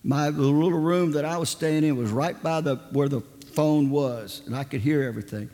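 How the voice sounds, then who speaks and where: A man preaching a sermon in a large church, telling a family story in a slow, dramatic way. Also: on the high side, mellow. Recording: long church reverb.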